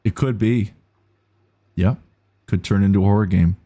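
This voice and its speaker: Low gravelly-voiced male game streamer. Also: normal speed, long pauses, warm tone. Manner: chatty, reads out viewer messages. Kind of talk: casual gaming commentary.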